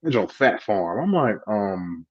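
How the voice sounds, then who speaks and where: A man's voice: lowish voice, very animated, unhurried, breathy edge, muffled recording. A man co-hosting a podcast, telling a story in casual chat, profane, acting out the people he quotes. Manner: acts out quotes in voices, profane. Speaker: podcast co-host.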